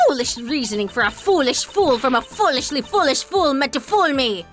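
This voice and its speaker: Woman voicing a haughty young prosecutor girl, snappy and indignant, high voice, faint music behind. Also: lively intonation, normal speed. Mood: scornful. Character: haughty young female prosecutor, sharp-tongued.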